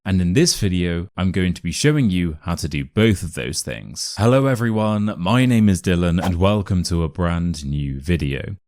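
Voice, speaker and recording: A man with a modern RP English accent giving a scripted pronunciation lesson, enunciating each word clearly and deliberately. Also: sits low, expressive, darkish tone, no echo, clean studio sound. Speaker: accent teacher.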